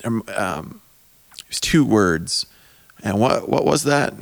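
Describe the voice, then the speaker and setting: A man hosting a podcast with a joking, rambling manner, his voice going hoarse, talking into a microphone in a small basement. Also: lowish voice, lively intonation, slow, no room sound. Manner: joking, rambling, self-mocking. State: losing his voice. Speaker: podcast host. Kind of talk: casual podcast chat. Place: small basement corner at a camp. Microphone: studio microphone.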